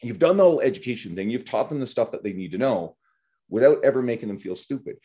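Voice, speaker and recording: A man's voice: mid-range voice, expressive, quick pace, warm tone. A man hosting a podcast, talking bluntly and animatedly about coaching, swearing freely. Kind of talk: casual podcast conversation.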